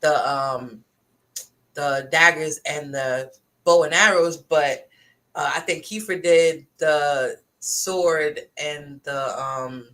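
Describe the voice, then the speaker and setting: A woman's voice: low voice, slow. A woman co-hosting a podcast, chatting casually about games and greeting viewers in the chat. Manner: relaxed, greets viewers in chat mid-conversation. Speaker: podcast co-host.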